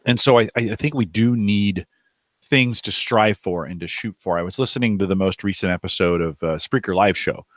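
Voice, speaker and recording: A man co-hosting a podcast, talking in an animated, wry way and restarting his sentences. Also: on the low side, a little fast, dry recording, clean studio sound. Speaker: podcast co-host. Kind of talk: casual podcast chat.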